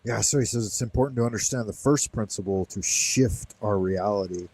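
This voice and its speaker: A man's voice: lowish voice, fairly quick, darkish tone, low-quality recording. A man hosting a casual livestream from home, rambling playfully and answering chat commenters. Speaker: livestream host. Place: home, Beijing.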